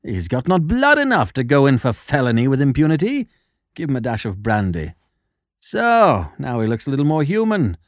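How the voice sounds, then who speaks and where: A man voicing a cool, shrewd detective who speaks in a measured, quietly sardonic way in an audiobook. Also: mid-range voice, wildly swooping pitch, dry recording, clean studio sound. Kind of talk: audiobook character voice.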